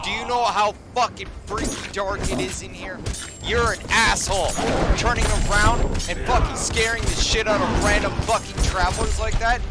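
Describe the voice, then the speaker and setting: A game streamer doing live gameplay commentary, swearing constantly and swinging between startled outbursts and low grumbling. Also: fairly even intonation, moderate pace, loud music behind the voice. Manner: profane, jumpy and easily startled, swears constantly.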